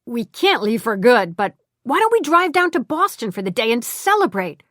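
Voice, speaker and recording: A woman's voice: a little high, sing-song, moderate pace, a bit bright, dry recording, voice pushed up. Woman as a hearty, bossy male swindler, upbeat, dry close read. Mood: jovial. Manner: jovial, plotting and sometimes doubtful. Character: scheming male ex-con, cheerful and bossy.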